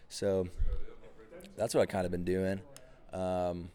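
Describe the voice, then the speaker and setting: Deep-voiced young man ranting, profane. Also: completely flat delivery, slow, mellow. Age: 20s. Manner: profane, rambling, full of fillers. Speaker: podcast host. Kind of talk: casual comedic rant.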